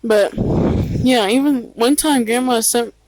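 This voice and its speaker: Quiet-spoken woman with a dry voice. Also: on the high side, measured pace, dry recording, low-quality recording. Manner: quiet-spoken, swears freely, frequent fillers. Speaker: storyteller recounting her past. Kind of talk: casual storytime monologue.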